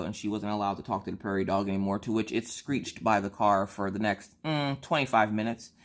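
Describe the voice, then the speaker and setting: A woman in her thirties chatting casually on her vlog, telling a family story in an animated, exasperated way. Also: very deep voice. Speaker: vlogger.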